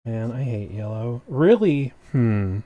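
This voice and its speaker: A man's voice: medium pitch, very animated, slow pace, dry recording, highs cut off. Chatty, jokey man on a dry mic. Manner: chatty and jokey, trails off and restarts. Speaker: streamer. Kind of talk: casual chat with stream viewers. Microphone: desk microphone.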